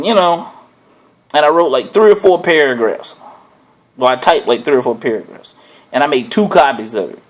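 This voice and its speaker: Chuckling man telling a story. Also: medium pitch. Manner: animated, chuckles often, keeps asking "right?". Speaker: host. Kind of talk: casual personal storytelling.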